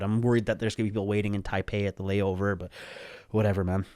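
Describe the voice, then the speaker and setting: Animated low-voiced man. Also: quick pace, no room sound, studio quality. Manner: animated, acts out the people in his story, swears freely. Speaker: podcast guest. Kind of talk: casual storytelling.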